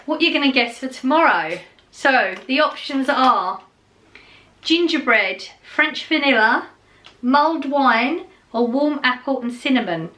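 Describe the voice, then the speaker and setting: A woman's voice: high-pitched, animated, unhurried, bright, forceful tone, slight background noise. A middle-aged woman, chatting casually to camera in a rambling way, with many fillers and restarts. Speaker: vlogger.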